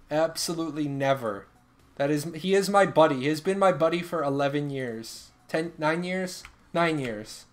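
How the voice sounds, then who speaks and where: High-voiced man in rambling stream chat. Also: fairly bright tone. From Ireland. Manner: rambling storyteller, restarts sentences often. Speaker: game streamer. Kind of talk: casual live-stream chat.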